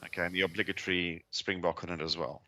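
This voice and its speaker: Wry South African man, low voice. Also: steady tone, quick pace, pushed and bright, no room sound. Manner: wry, storytelling, restarts phrases. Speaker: podcast co-host. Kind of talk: casual chat.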